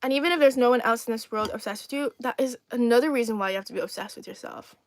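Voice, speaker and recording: A young woman from China chats on a live stream while she eats, sassy, teasing and quick to laugh. Her voice sits fairly high, recorded on a phone with a faint hiss behind it. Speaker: livestream host. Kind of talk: casual live-stream chat while eating.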